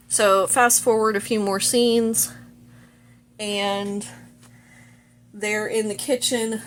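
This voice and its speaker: A woman's voice: mid-range voice, a bit bright, slight background noise. A young woman vlogger casually retelling a movie plot, chatty and full of fillers.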